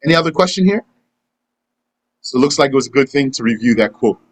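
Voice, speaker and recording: A fast-talking man with a medium-pitched, animated voice teaches religion live, taking questions and acting out pretend conversations in a relaxed way. The speaker is an Islamic teacher, heard on a low-quality recording.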